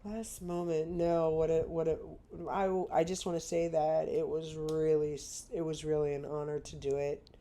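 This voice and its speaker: Blunt, candid woman with a low voice. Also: level tone, moderate pace, warm tone. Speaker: podcast guest. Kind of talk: casual chat.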